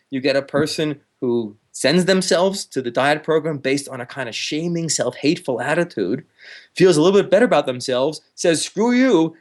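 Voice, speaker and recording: A man, a counselor, talks as an interview guest, explaining with lively energy, laughing now and then and acting out harsh inner voices. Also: on the high side. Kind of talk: explanatory conversational talk.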